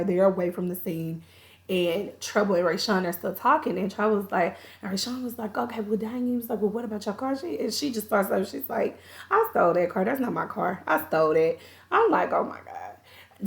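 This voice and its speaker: Woman, TV reviewer, gravelly voice, mid pitch, chatty recap, acts out character lines. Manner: chatty, animated retelling with quoted voices and asides. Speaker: TV show reviewer. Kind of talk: casual episode recap.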